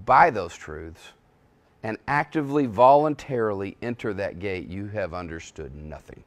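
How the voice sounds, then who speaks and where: A man preaching a sermon as pastor, swinging between hushed and loud, emphatic passages, often restarting his words. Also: lowish voice, expressive, moderate pace. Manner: frequent self-restarts and repetitions.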